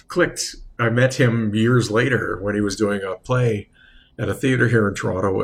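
Gravelly, husky man telling stories. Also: lowish voice, a bit bright. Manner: halting, reflective storyteller with many restarts. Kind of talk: casual radio chat.

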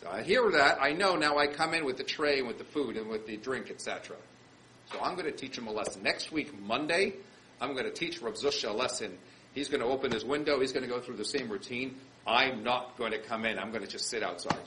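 Guy putting on a scheming servant, scoffing and sly, bright voice. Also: mid-range voice, brisk, slight background noise, natural voice, rough recording. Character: skeptical male attendant, scheming.

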